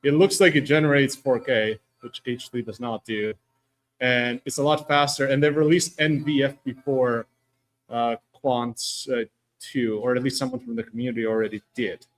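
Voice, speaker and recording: A man's voice: medium pitch, steady tone, normal speed. A man on a panel talking casually and hesitantly about tech from his home. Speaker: guest panelist. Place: at home with landscaping work outside.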